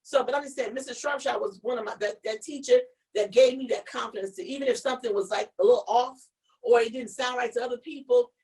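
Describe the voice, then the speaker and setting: A woman co-hosts a casual live-stream chat. She tells a story with animation and stumbles over repeated words. Her voice sits a bit high and sounds distant from the mic. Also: fast, darkish tone. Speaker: show co-host.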